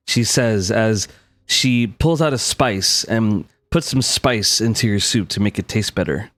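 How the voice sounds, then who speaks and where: A man's voice: fairly low pitch, measured pace, a bit bright, no echo. A young man narrating a tabletop game as game master, loose and full of fillers.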